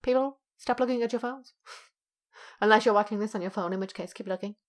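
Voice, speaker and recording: A woman's voice: medium pitch, fast talker. Playful young woman streamer. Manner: playful, joking asides. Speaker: let's play streamer. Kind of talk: casual game commentary. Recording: faint music behind.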